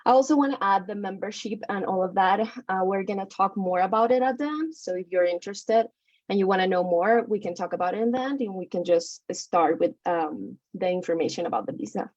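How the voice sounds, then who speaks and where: A woman's voice: medium pitch, lively intonation, brisk, a little mellow, no echo. An upbeat Colombian woman introduces herself and outlines the plan. The sound is dry and close, with dull, lo-fi call audio. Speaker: co-host. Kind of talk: casual webinar intro.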